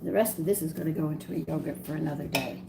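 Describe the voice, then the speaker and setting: A woman's voice: sits low, rapid-fire, gravelly, very noisy. Chatty Southern woman cooking live. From American South. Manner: chatty and rambling, talks to viewers. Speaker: home cooking host. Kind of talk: live-stream cooking demonstration. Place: home kitchen.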